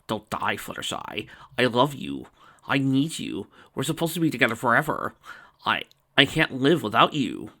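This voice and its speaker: A man's voice: mid-range voice, very animated, normal speed, bright, forceful tone, heavily acted. A man voicing a devoted male chaos creature, pleading and emotional.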